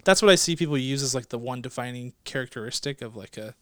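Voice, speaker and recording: A man's voice: medium pitch, fast talker, no room sound, studio quality. A man co-hosting a casual movie podcast, playful and teasing, laughing often. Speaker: podcast co-host.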